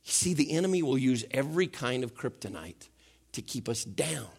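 A man preaching a sermon as pastor in a church, animated and asking the congregation questions. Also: mid-range voice, normal speed, gravelly, slightly rough.

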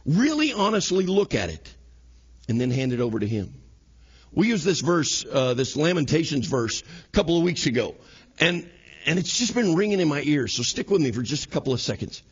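A man's voice: a little high, big pitch swings, brisk, husky, lo-fi sound. A man in his thirties preaching a sermon in a church, acting out everyday scenes in quoted voices. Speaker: pastor. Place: church sanctuary.

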